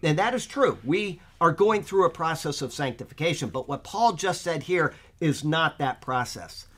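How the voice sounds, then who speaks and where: Higher-voiced man teaching the Bible. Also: expressive, moderate pace, fairly bright tone. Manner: checks in with listeners, often asking "okay?"; thinks aloud with fillers while explaining. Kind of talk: informal Bible study lesson.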